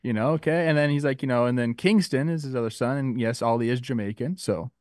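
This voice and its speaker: Guy rambling on a podcast, middle-pitched voice, dead dry close mic, loose and chatty, keeps wandering into stories. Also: fast talker, darkish tone, no echo. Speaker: podcast co-host and youth baseball coach. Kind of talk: casual sports podcast chat.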